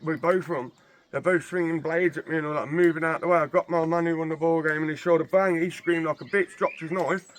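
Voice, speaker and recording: A man tells his story in quick, slangy bursts. His voice is bright and sits a little high. Faint outdoor noise sits behind him. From England. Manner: animated, slangy, fast street talk. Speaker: interview guest. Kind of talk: casual storytelling.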